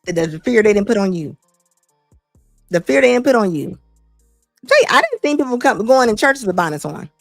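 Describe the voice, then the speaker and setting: A middle-aged woman hosting a talk show, giving blunt, animated opinion commentary and laughing often. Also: a little high, fairly quick, vocal fry, long pauses, no echo, studio quality, faint music behind. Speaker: host.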